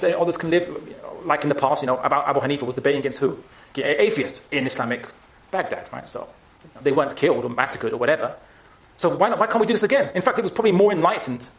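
Emphatic man with a slightly high voice. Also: reverberant. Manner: emphatic, animated, frequent restarts. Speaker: speaker answering audience questions. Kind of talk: public talk with Q&A.

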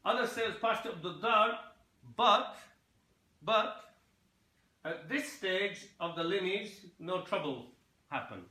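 A man's voice: high-pitched, lively intonation, sharp tone, reverberant. A man teaching Islamic history as an informal lecture, often stumbling over and repeating words and checking in with his listeners. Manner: halting, repeats words and fillers; checks in with listeners, asking "yeah?".

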